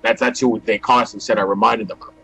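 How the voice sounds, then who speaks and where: Husky man telling his testimony. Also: fairly low pitch, steady tone, fast, pushed and bright, rough recording. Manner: acts out dialogue with "I go, he goes". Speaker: guest giving testimony. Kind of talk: storytelling testimony.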